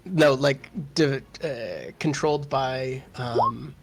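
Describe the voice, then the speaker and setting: A man's voice: mid-range voice, extremely slow, soft background music. A man playing in a tabletop game, joking around in a laid-back way. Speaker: player. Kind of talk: casual chat in a tabletop game.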